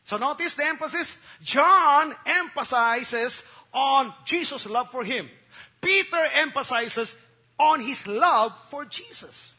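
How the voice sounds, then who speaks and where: A male pastor preaching a sermon. He mixes English with Tagalog, repeats words, keeps asking the congregation "Okay?" and "Amen?", and swings between loud bursts and hushed asides. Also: extremely high pitch, expressive, takes it slowly. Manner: emphatic preaching with sudden loud bursts and dropped near-whispers.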